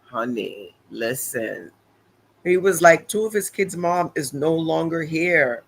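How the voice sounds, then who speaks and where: A man recapping events casually on a live stream, chatty and animated, with lots of fillers and asides to viewers. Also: fairly high pitch, normal speed, vocal fry, low-quality recording. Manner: animated, chatty, many fillers and repeated "honey, listen".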